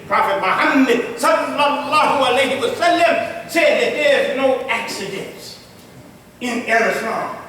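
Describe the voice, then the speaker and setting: High, bright imam preaching in an echoey mosque. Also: male voice, slight background noise. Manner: lively preaching that swings between loud and quiet; laughs often while telling stories. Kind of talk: Friday sermon. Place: mosque prayer hall. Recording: echoey hall from far off.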